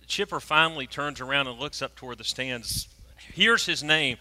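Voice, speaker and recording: A preacher, telling a story in a sermon and swinging from hushed tones to loud, animated moments. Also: male voice, mid-range voice, moderate pace. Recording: long reverb of a large hall.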